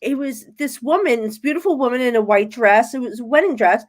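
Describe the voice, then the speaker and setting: A woman's voice: a little high, a little fast. A woman, a guest medium telling her experiences in a casual podcast interview, acting out what people said. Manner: animated storyteller, acts out her own quotes.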